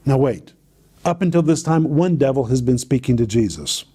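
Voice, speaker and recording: A man's voice: medium pitch, animated, moderate pace, mellow, slightly rough. A man teaching on a Bible passage to a co-host, telling it in a dramatic, emphatic way with repeated phrases.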